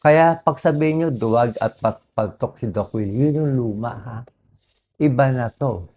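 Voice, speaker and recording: A hoarse man with a Filipino accent, a doctor speaking earnestly in an emotional personal monologue, switching between English and Tagalog. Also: mid-range voice, normal speed, dark tone, lo-fi sound.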